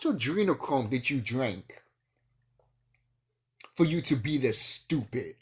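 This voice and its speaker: A man's voice: medium pitch, lively intonation, slow, pauses often. A man vlogging in a rambling solo monologue, ranting and swearing, with bursts of laughter.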